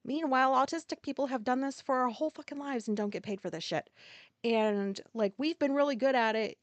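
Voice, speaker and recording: A woman's voice: high voice, brisk, dry recording. A woman hosting a solo podcast monologue, rambling casually with lots of filler words and blunt, profane asides. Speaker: podcast host.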